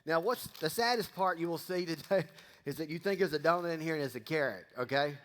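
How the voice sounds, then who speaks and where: A man's voice: fairly high pitch, brisk, a bit bright. A middle-aged man, giving a casual sermon, folksy and joking with the congregation. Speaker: pastor. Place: church sanctuary. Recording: long reverb of a church hall.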